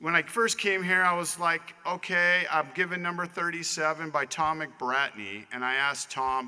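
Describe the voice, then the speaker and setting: Speaking at a banquet hall dinner, a Hall of Fame inductee in his fifties from Southern California delivers a chatty acceptance speech, calling out to audience members. His voice is a little high, steady, smooth and sharp, at normal speed with few pauses. Long hall reverb colors the recording.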